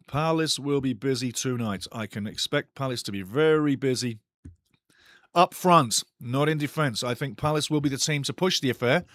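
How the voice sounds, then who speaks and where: A man hosts a live football watch-along, his voice sitting a little high for a man. He rambles in a chatty way and talks straight to the viewers. The sound is dry, with no room echo. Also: fairly bright tone. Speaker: host.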